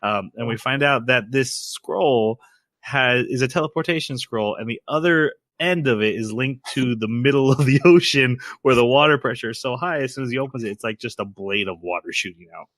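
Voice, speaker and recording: A man's voice: mid-range voice, a little fast, a bit bright, no room sound, studio quality. A man co-hosting a podcast, retelling an anime episode in casual chat, rambling and laughing as he goes. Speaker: podcast co-host.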